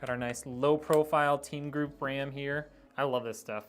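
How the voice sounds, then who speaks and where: A man's voice: mid-range voice, fairly even intonation, moderate pace. A middle-aged man live-streaming a PC build, chatting casually, thinking aloud with plenty of ums and likes while he works.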